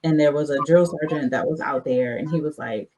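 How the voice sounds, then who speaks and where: A woman's voice: low voice, fairly quick, a little mellow, poor audio. A woman who is an army veteran, a guest on a podcast interview, telling her stories in a candid, loosely structured way.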